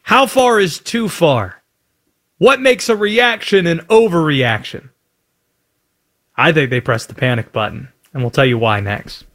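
A man hosting a sports talk radio show, taking calls and tossing out quick opinions with lively asides. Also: a little high.

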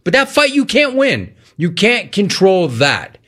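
A man's voice: sits high, huge pitch swings, measured pace, fairly bright tone. A man hosting a sports talk radio show, talking in an emphatic monologue that hammers key lines home by repeating them. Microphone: studio broadcast mic.

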